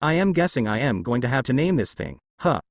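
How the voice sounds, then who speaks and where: A relaxed, joking young gunman, as a man reading the story puts him on. He drawls casually with a lively swing in pitch. The voice sounds dry and close. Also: brisk, dry recording, lightly acted. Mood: laid-back. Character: laid-back cocky young male sharpshooter.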